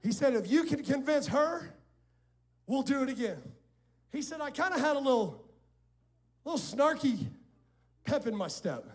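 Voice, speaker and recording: A male pastor with a strikingly high voice delivers a sermon in a church. He tells stories, voices the people in them, and draws the congregation in with call-and-response. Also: moderate pace, long pauses. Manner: animated storytelling, quoting others and calling on the congregation. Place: church sanctuary before a congregation.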